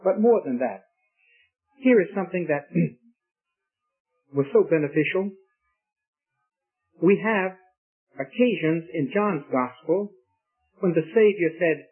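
A man's voice: fairly high pitch, lively intonation, slow, long pauses, breathy edge, soft background music. A man preaching a sermon in an earnest, emphatic way, putting questions straight to his listeners. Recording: tinny lo-fi radio broadcast.

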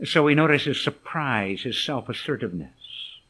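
A middle-aged man preaching a sermon, telling a scripture story dramatically, dropping to soft murmurs and rising to emphatic lines. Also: medium pitch, lively intonation, normal speed.

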